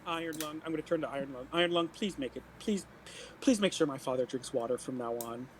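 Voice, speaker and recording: High-voiced man playing a tabletop game. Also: quick pace, slight background noise, low-quality recording. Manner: playful, laughs often, restarts sentences. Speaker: player.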